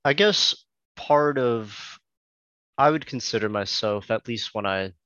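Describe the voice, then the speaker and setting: A man, a podcast guest, talking hesitantly in a casual interview, with many pauses and restarts. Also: mid-range voice, bright, forceful tone, no room sound, dull audio.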